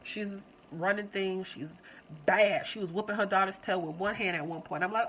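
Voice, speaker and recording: A young adult woman hosting her own channel, casually reviewing a TV episode and talking straight to her viewers in an animated, chatty way. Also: medium pitch, moderate pace, slight background noise, rough recording.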